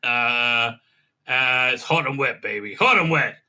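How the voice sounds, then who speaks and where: A man's voice: mid-range voice, unhurried, sharp tone. A man hosting a casual episode recap and review, sarcastic and rambling with many fillers. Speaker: host.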